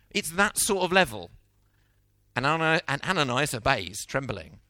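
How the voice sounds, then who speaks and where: A middle-aged man preaching a sermon, telling the story with lively acted-out voices. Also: a little high, brisk, no echo. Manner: animated storytelling, acting out quotes.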